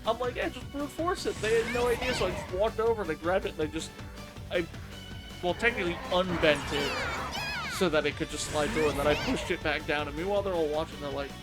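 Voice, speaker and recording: High-voiced man telling animated stories. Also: fast, over loud music. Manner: animated, acts out coworkers' lines. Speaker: game streamer. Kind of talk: casual storytelling on a live stream.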